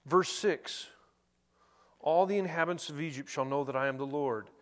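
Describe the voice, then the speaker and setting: Middle-aged male pastor, storytelling sermon delivery, voice sits a bit high. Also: normal speed. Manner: storytelling, animated and conversational.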